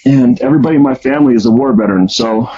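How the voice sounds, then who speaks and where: A man's voice: mid-range voice, rapid-fire, dark tone, slightly rough. A man casually telling his life story, rambling with many ums and restarts. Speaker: storyteller guest. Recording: dull lo-fi sound.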